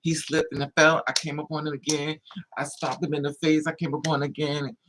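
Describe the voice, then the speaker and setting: A vlogger telling a story casually to camera in an animated way, acting out the other people's voices with high squeals. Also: fairly quick, background noise.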